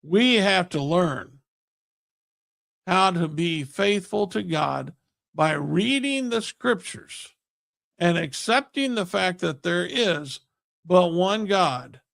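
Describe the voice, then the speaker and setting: A man's voice: high-pitched, gravelly, fairly bright tone, no echo. A man preaching a recorded Bible lesson, emphatic and asking rhetorical questions. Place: Kearney, Missouri area church.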